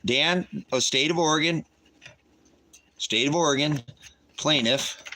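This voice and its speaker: A man's voice: a little high, a bit bright. Angry swearing man ranting on a livestream. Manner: angry, swearing, repeats himself, reads documents aloud. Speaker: livestream host. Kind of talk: agitated livestream rant.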